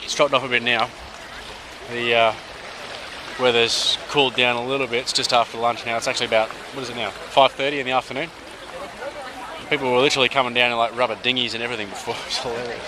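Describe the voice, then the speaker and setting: Out by a river on a hot day, an Australian man from Sydney records a travel vlog in a mid-range voice, level in tone and quick in pace. He stays chatty and upbeat with slangy asides, though background noise is heavy.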